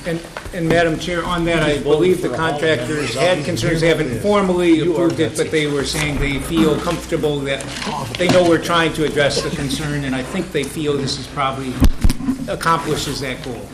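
A man reading an oral amendment aloud to a committee, slowly and deliberately. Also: on the high side, fairly even intonation, very noisy. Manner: deliberate, reads text slowly. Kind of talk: formal committee testimony. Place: legislative hearing room.

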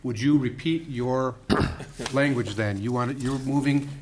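A man chairs a committee hearing in a mid-range voice, moving through procedure in a conversational way with plenty of fillers. Clear background noise runs under the recording. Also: medium pitch, a little slow.

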